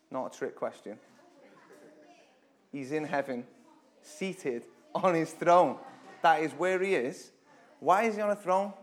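Guy preaching in church, kinda high voice, chatty then suddenly loud, reads scripture slow and dramatic. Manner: conversational, with sudden loud emphatic bursts. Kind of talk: informal Bible teaching.

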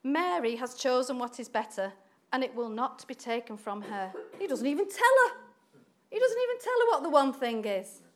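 A woman preaching a sermon in an animated way, acting out quoted voices and laughing often. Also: high-pitched, normal speed, slight background noise.

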